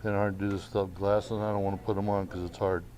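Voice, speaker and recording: A man's voice: fairly low pitch, little pitch movement, darkish tone, a little hiss or hum. A male teacher giving a class lesson in a casual way, often checking in with "okay". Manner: slow, casual, keeps saying okay. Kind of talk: classroom instruction.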